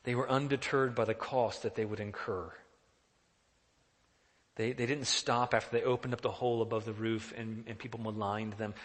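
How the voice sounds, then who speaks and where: A man's voice: lowish voice, fairly even intonation, moderate pace, big-room sound. A male pastor preaching a sermon in an earnest, questioning, emphatic way.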